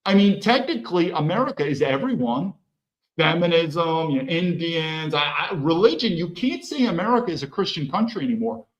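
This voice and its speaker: A man's voice: a little high, lively intonation, normal speed. A man hosting a podcast with heated political commentary, firing off rhetorical questions and swearing freely. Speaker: podcast host. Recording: echoey room.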